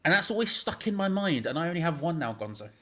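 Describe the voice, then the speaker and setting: A man's voice: a little high, sing-song, fast talker, fairly bright tone. A man co-hosting a live stream, telling a wry anecdote in a casual chat. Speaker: co-host.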